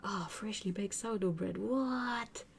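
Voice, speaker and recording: A woman's voice: mid-range voice, slow, creaky, slightly rough. A woman from Britain hosting a casual art livestream, reading viewer comments aloud, chatting and laughing often. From United Kingdom.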